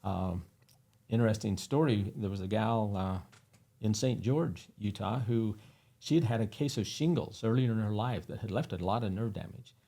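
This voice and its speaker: A man's voice: on the low side, normal speed, vocal fry, mellow. A man guesting on an interview, telling earnest anecdotes with many fillers. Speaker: guest, company founder. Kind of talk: casual interview storytelling.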